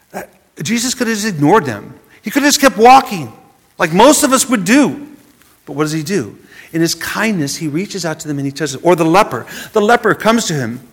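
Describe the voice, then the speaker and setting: A man preaching a sermon, dropping from loud emphasis to a hushed near-whisper and often repeating words as he goes. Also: high voice. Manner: repeats words as he searches for phrasing.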